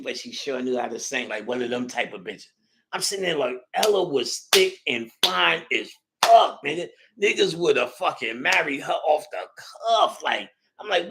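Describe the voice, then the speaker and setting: A man hosting a casual chat, telling a story in an excitable, profane way, swinging between loud bursts and hushed asides. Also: mid-range voice, gravelly. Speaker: podcast host.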